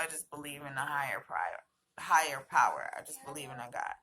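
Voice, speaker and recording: A woman recounting a personal story in a low, gravelly voice with a bright, forward edge. She speaks hesitantly, leaning on fillers and restarting her sentences. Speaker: vlogger.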